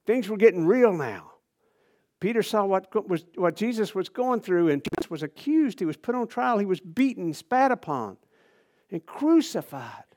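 A man preaching a sermon in a casual, conversational way, swinging between loud emphasis and hushed near-whispers. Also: high voice, very animated, normal speed. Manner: casual, conversational phrasing with restarts.

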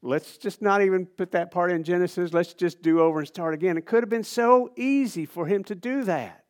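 A man preaching a sermon in a casual, conversational way, swinging between loud emphasis and hushed near-whispers. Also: high-pitched, a little fast. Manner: casual, conversational phrasing with restarts.

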